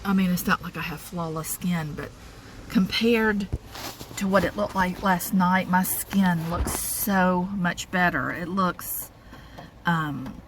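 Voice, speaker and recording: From a parked car on a rainy day, a woman vlogger with a lowish, slow voice rambles casually to camera. She's chatty, full of fillers and small laughs. The car interior is noisy, with rain and car sounds in the background.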